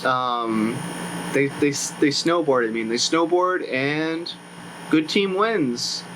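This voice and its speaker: A man's voice: mid-range voice, slow, background noise. A young man rambling sarcastically through a movie recap in casual commentary, often correcting himself. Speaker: YouTuber reviewing a movie.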